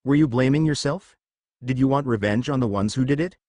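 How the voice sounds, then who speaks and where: A man's voice: mid-range voice, brisk, darkish tone, no echo, studio quality, natural voice. A man voicing a blunt, outspoken young woman student who ends her lines with a frog sound.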